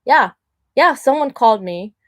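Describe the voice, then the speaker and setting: A woman's voice: fairly high pitch, lively intonation, normal speed, a bit bright, no echo. A young woman hosting her own show, talking in a blunt, chatty way, full of "like" fillers and mocking quoted voices. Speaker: host. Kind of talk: casual monologue.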